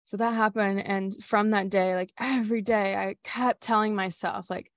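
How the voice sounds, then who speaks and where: A woman's voice: medium pitch, fairly even intonation, moderate pace. A young woman who runs retreats shares a personal story in an open, chatty way, leaning on "like" and dropping casual swears. Her voice sits in a middle register. The sound is close and dry, with no room echo. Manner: candid, filler-heavy with frequent "like", swears casually. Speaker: retreat facilitator.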